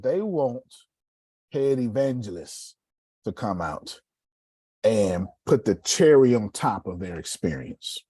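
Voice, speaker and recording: A middle-aged man coaching a sales class, animated and preachy, tossing questions to the room. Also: medium pitch, slow pace, husky, dry recording. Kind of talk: live coaching session.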